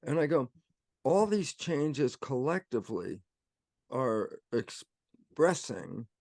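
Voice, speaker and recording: Older man, animated storyteller. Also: medium pitch, slow pace, dry recording, studio quality. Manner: animated storyteller acting out both sides of imagined exchanges. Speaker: guest. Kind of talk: casual conversational explanation.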